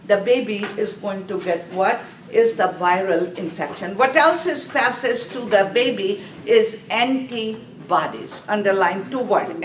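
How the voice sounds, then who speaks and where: A woman's voice: mid-range voice, recorded from a distance. Woman lecturing nurses in an echoey room. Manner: repetitive, emphatic, tells students to underline words. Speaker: nursing exam instructor. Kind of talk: classroom lecture. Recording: echoey room, voice from off mic, faint noise.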